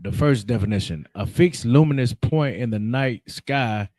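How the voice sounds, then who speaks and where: A man's voice: medium pitch, animated, moderate pace, a little mellow, no echo. Man reading a definition carefully. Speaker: class member reading aloud. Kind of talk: reading dictionary text aloud.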